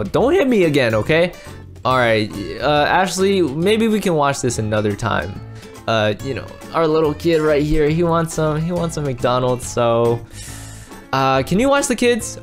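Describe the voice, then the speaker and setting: A man hosting a casual game roleplay as a dad, excitable and rambling, full of exclamations. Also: sits high. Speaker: roleplay host playing a dad.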